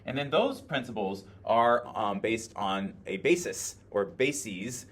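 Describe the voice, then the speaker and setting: A man's voice: fairly low pitch, lively intonation, slow pace. Man lecturing a class, lots of ums. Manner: explains by thinking aloud, many filler words. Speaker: teacher. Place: classroom with a screen. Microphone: video camera in the classroom.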